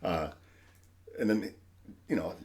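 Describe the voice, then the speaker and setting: A man co-hosting a podcast in casual chat, animatedly retelling a TV episode and acting out the lines. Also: sits low. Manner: fast, animated retelling with quoted lines and laughs. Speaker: podcast co-host. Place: studio.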